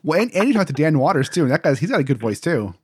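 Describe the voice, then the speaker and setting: Husky, fast-talking podcast co-host man. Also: on the high side, very animated, no room sound, studio quality. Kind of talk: casual chat.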